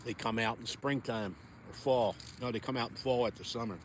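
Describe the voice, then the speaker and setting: A man's voice: medium pitch, a little fast, a little hiss or hum. A man, chatting rambly to viewers while ice fishing outdoors on a frozen pond. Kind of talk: casual outdoor vlog chat.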